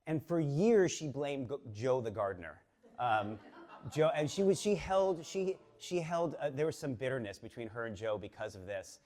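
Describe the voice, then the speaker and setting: A man's voice: medium pitch, moderate pace. Chatty man telling a story on stage. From Boston area. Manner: chatty, animated, many fillers and restarts. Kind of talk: live personal storytelling. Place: stage before a live audience.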